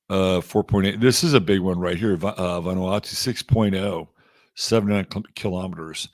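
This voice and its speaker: A middle-aged man from Texas, low-pitched, hosts an astrology livestream where he chats casually and says hello to viewers by name. The recording is dry and studio quality.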